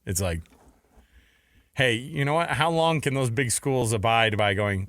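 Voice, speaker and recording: A sports radio host from Texas, talking in a playful, jokey way and often putting on silly voices. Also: male voice, mid-range voice, animated, measured pace, a bit bright, no room sound, clean studio sound. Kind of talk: casual sports talk.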